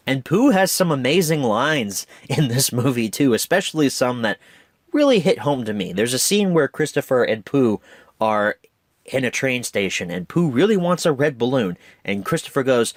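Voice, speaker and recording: Lively enthusiastic man reviewing a film. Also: mid-range voice, normal speed, no room sound, clean studio sound. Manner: enthusiastic, lively, occasional stumbles. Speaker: movie reviewer.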